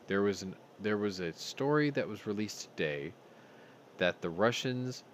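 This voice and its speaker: A man's voice: lowish voice, slight background noise. A man hosting a news commentary show, talking bluntly with heavy profanity and open anger. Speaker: host.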